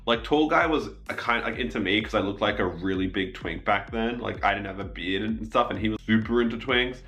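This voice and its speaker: A young man telling a funny personal story in casual chat, animated and jumping into high squeaky voices when he quotes people. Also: fairly quick.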